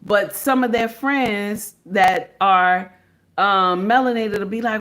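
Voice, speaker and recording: Middle-aged lady doing a live reaction stream, slangy and emphatic, says stuff twice, mid-pitched voice. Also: moderate pace. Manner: emphatic, repeats her points; slangy, informal speech. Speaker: livestream reaction host. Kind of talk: casual livestream commentary.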